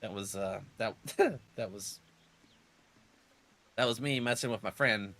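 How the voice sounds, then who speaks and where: A man's voice: on the low side, unhurried, a bit bright. A man streaming a game and chatting casually, laughing often and acting out his friends' lines, while getting over a cold. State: has a cold. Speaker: gaming streamer.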